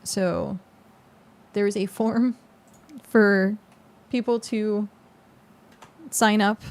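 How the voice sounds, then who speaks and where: A woman's voice: medium pitch, steady tone, very slow, a little mellow. A woman game streamer chatting casually with her viewers, tired and congested, with lots of fillers. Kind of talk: casual live-stream chat.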